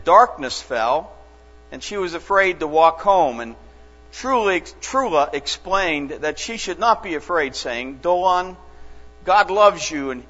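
Slow, earnest male pastor preaching. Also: on the high side, a bit bright. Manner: slow, earnest storytelling with dramatic pauses. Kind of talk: sermon. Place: church sanctuary. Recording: dull lo-fi church recording with long reverb and mains hum.

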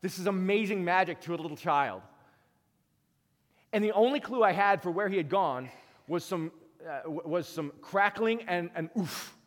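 A man preaching a sermon, telling stories and moving between emphatic peaks and quiet asides. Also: sits high, moderate pace. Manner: storytelling, rising to emphatic peaks then dropping quiet. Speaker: pastor. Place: church. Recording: long reverb of a church hall.

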